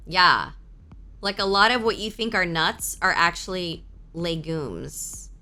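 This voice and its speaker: A woman streamer in casual live-stream chat, swearing freely and answering her chat aloud with excitable reactions. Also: on the low side, slow pace.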